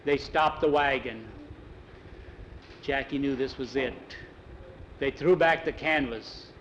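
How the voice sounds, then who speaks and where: Man telling a story, unhurried. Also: mid-range voice, fairly bright tone. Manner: plain, unhurried, folksy retelling. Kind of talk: oral storytelling. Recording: dull lo-fi, faint vehicle noise.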